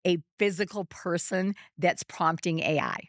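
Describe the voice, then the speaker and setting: A woman's voice: lowish voice, measured pace, dry recording, clean studio sound. A middle-aged woman, a business founder talking casually as a guest, rambling with lots of fillers and restarts. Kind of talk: casual interview conversation.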